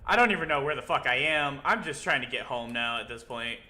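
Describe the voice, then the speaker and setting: A young man giving casual, excitable commentary while playing a video game, swearing often and yelping when startled. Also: medium pitch, brisk. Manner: excitable, swears a lot, yelps when scared. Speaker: gaming video host.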